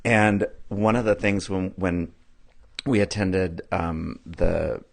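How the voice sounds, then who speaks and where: Very deep, gravelly man. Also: steady tone, slow pace. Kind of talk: casual conversation.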